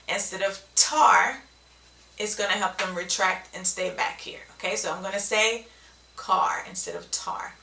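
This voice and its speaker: A woman explains speech therapy techniques in an instructional video. Her voice is bright and forceful with a gravelly edge, and she keeps checking in with "okay?". She sounds a little far from the mic in a roomy, echoing space. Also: medium pitch.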